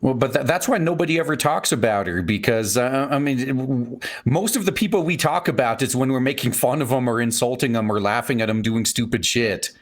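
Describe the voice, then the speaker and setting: A man's voice: mid-range voice, brisk. A man guesting on a casual livestream, who gives opinionated, rambling explanations and mocks other people. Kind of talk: casual stream chat.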